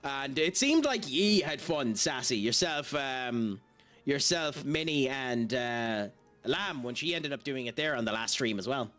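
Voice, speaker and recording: A man's voice: mid-range voice, animated, unhurried, a bit bright, faint music behind. A young man streaming a game, chatty and self-mocking, with lots of fillers. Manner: chatty, laughs at himself, many fillers. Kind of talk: casual live-stream commentary.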